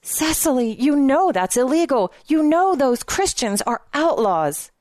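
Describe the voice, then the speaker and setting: A woman's voice: mid-range voice, lively intonation, fairly quick, no room sound, studio quality, lightly acted. A woman reading the lines of an earnest young man in a storybook, pressing and pleading with his partner. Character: young man, eager then pleading boyfriend. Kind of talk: audiobook character reading.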